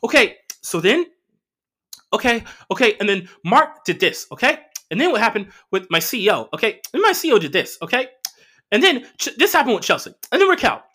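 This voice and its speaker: A man's voice: high voice, sing-song, brisk, sharp tone, pitched above the performer's own voice, heavily acted. A man mimicking a breathless young woman who rambles about her workday, punctuating it with repeated "okay?". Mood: rambling.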